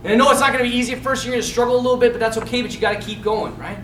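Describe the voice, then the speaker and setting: Casting note: man with a high, bright voice, animated preacher to young men, echoey room from far off. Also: very fast, a little hiss or hum. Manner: animated, casual, quotes scenes with feeling. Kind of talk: informal talk to young men.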